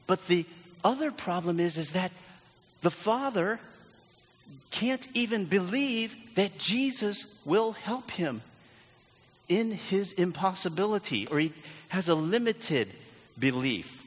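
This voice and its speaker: A man's voice: high-pitched, lively intonation, takes it slowly, long pauses. A man preaching a sermon as pastor, earnest and emphatic, leaning into repeated phrases. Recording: long church hall reverb.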